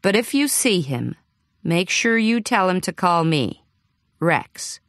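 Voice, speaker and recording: A woman voicing a blunt, impatient American male boss on the phone, talking in a folksy, gruff way. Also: high-pitched, big pitch swings, takes it slowly, fairly bright tone, no room sound, studio quality, full character voice. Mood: softened. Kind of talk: audiobook character voice.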